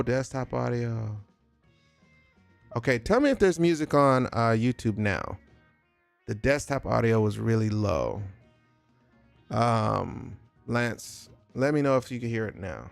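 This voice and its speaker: Man, livestream art chat, joking, raspy fry in the voice, faint music underneath. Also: medium pitch, lively intonation, takes it slowly, long pauses. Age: adult with a son. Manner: chatty, joking, talks to chat directly. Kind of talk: casual livestream chat while drawing.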